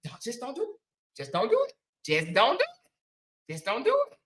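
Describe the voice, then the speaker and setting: A woman hosting a casual livestream, repeating her points for emphasis and thanking viewers warmly by name. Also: on the high side, wildly swooping pitch, fairly quick, a little hiss or hum. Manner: emphatic, repeats phrases, preachy then affectionate. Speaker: livestream host. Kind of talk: casual livestream chat reading super chats.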